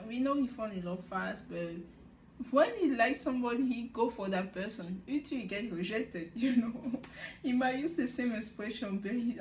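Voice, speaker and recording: A woman hosting a casual video recap, animated and laughing often as she retells scenes in quotes. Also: a little high, echoey room, a little hiss or hum. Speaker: reaction video host.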